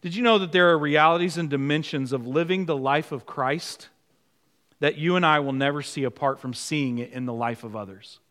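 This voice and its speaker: A man preaching a sermon, earnest and storytelling, moving between ringing emphasis and hushed, low asides. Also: normal speed, big-room sound. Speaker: pastor.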